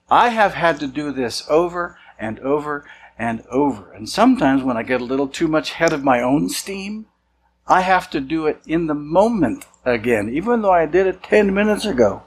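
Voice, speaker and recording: A man's voice: on the high side, expressive, moderate pace, husky, low-quality recording. A man, a senior church leader, preaching a sermon in a casual, conversational way, sometimes acting out the voices of people he quotes. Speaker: pastor.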